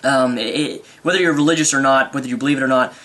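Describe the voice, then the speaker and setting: A young man rambling excitedly through an unscripted movie review vlog. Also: medium pitch, quick pace.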